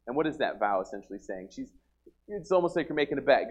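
A man's voice: mid-range voice, expressive, quick pace, breathy edge, lo-fi sound. A man preaching a sermon in an earnest, conversational way, restarting his sentences often.

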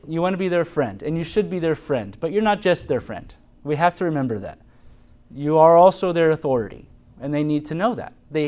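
An earnest male preacher talks through a sermon in a loose, conversational way, restarting phrases and laughing lightly. His voice sits a little high for a man. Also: darkish tone. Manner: shifts into high mock voices quoting mothers. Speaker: pastor. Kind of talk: sermon on parenting.

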